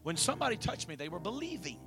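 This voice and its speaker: A man preacher voicing Jesus as a calm, gentle, authoritative man, speaking softly and steadily. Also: high voice, quick pace, over music.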